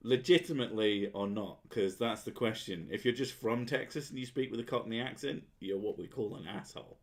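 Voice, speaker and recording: A man's voice: on the low side, brisk, few pauses. A man hosting a casual chat, sweary and sardonic, often laughing at his own jokes. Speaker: podcast host.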